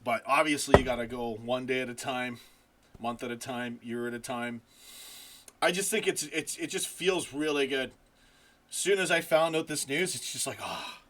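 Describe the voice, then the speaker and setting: A man hosting a casual football live stream from home, excitable, swearing and laughing as he chats. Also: mid-range voice, normal speed.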